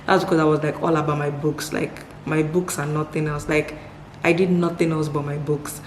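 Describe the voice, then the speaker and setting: A young woman from Nigeria chats to her camera, answering questions in a low, upbeat voice and doubling words for emphasis. The room is echoey, with a faint ambient hum behind her. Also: flat delivery, normal speed. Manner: upbeat, repeats words for emphasis, laughs often. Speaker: vlogger. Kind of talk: casual Q&A chat to camera.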